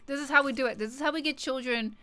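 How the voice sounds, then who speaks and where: A woman streaming live, talking casually to her chat as she plays. Her voice is fairly high, and she rambles from topic to topic with irreverent jokes and loose swearing. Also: fast talker, bright, forceful tone.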